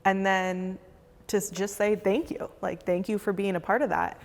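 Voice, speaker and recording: A woman's voice: mid-range voice, moderate pace, big-room sound. A woman, a foundation fellow, chatting casually in a roundtable and acting out her past self as she tells stories. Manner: animated storyteller, acts out her past self.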